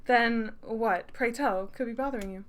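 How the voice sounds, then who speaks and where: Composed sharp-tongued game protagonist, dry put-downs, voiced by a woman. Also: on the high side, moderate pace, natural voice. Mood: cutting. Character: cool-headed young player character, sharp-tongued. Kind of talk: reading game dialogue aloud.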